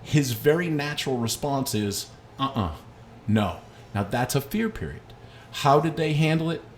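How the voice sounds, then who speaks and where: A middle-aged man, a dog trainer, giving a casual lesson and telling lively stories from his own life. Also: mid-range voice, normal speed, a little hiss or hum. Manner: storytelling with lively anecdotes. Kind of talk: casual instructional talk.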